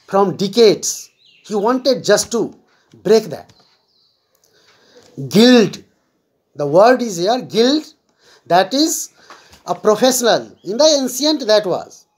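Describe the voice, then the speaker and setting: A woman's voice: mid-range voice, a little mellow, breathy edge. A woman English teacher giving a classroom vocabulary lesson, patiently explaining words step by step and repeating them.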